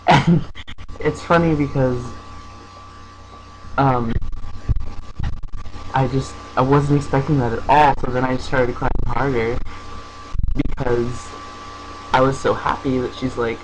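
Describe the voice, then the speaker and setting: A young man speaking casually into his camera at home, telling a personal story with many pauses, fillers and restarts. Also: mid-range voice, fairly even intonation, slight background noise, rough recording. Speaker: vlogger.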